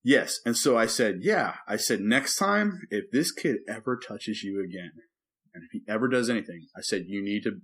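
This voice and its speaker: A man's voice: lowish voice, moderate pace. A man co-hosting a podcast, a preacher telling a story in casual chat and acting out the quotes as he goes. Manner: animated storyteller who acts out quotes and sings movie lines.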